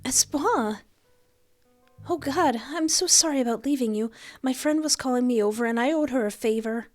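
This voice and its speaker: A brash, protective young woman friend rushes out her words with emphasis, as a woman voices her a little higher than her usual voice. Faint music hums behind. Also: darkish tone, close to an everyday voice. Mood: apologetic.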